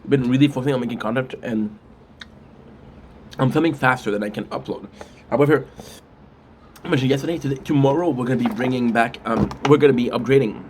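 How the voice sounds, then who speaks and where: A man's voice: mid-range voice, fast, long pauses, a little mellow, slight background noise. A man chatting casually on a live stream while eating spicy food, rambling with restarts and frequent mm sounds.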